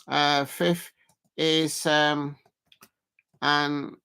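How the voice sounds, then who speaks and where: A man with a South London accent, hosting a live race watch-along and commenting in a rambling, halting way with many fillers. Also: fairly high pitch, flat delivery, gravelly, pushed and bright, clean tone. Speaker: live stream host.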